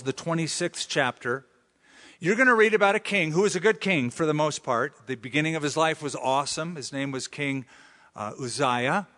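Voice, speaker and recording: A man's voice: fairly high pitch, a bit bright. A man preaching a sermon, who often acts out the voices of the people he quotes. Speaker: pastor. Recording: long hall reverb.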